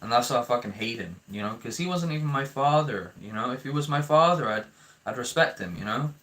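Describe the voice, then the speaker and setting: A man's voice: mid-range voice, animated, a little fast, bright, forceful tone. A young man ranting to his viewers, heated and swearing often, with frequent stammering restarts. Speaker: vlogger. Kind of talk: ranting commentary to camera.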